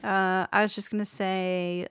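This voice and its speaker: A woman's voice: mid-range voice, flat delivery, unhurried, a bit bright, clear, resonant tone, faint music behind. A woman co-hosting a comedy podcast, teasing and playfully quizzing her partner. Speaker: podcast co-host. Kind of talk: comedic casual chat.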